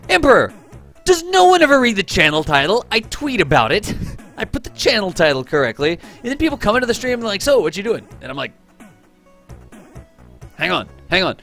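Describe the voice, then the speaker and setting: A man's voice: high-pitched, very animated, quick pace, fairly bright tone, faint music behind. A man hosting a live game stream, chatting casually with his viewers, greeting them by name, teasing them and laughing often.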